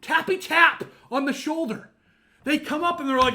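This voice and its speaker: Man ranting on a podcast, very high voice, sharp and tense, profane, shouting. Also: normal speed. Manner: angry, profane, shouting rants. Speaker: podcast co-host.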